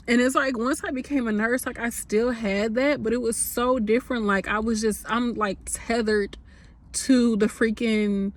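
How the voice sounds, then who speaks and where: A woman's voice: a little high, steady tone, moderate pace. A woman in her thirties, a nurse, talking candidly and emotionally to her phone camera in a rambling, casual way. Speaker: nurse vlogger.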